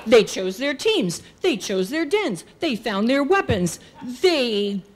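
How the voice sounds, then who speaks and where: A middle-aged woman performing a personal story on stage, acting out characters' shouts. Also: fairly high pitch, takes it slowly. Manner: animated, acts out characters' shouts. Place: stage at a live storytelling show.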